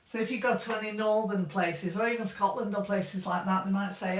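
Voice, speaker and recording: A woman with a Southern English accent teaching an exam practice lesson, explaining clearly and patiently. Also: mid-range voice, steady tone, fairly quick, distant mic. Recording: echoey room, voice a bit off-mic.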